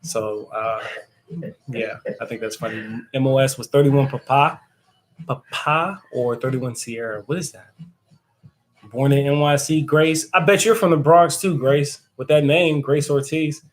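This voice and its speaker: A man's voice: medium pitch, unhurried, low-quality recording. A man hosting a casual live stream who answers viewer comments and laughs often. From United States. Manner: chatty and joking, laughs often.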